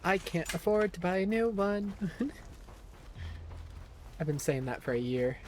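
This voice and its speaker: Laughing, higher-voiced male game streamer. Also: animated, a little slow, a little mellow, a little hiss or hum. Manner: chatty, laughs often, swears casually. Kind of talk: live gameplay commentary.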